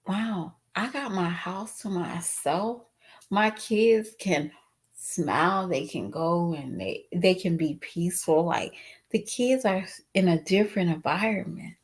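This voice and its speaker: A woman vlogger with a lowish, expressive, breathy voice speaks slowly and directly to her viewers in a casual commentary vlog. She is outspoken and emotional, sometimes tearful, her voice cracking.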